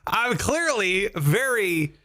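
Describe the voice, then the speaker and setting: A man's voice: high-pitched, sing-song, slow pace, pushed and bright. A man hosting a casual comedy podcast, reading out questions and joking with his co-hosts. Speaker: host.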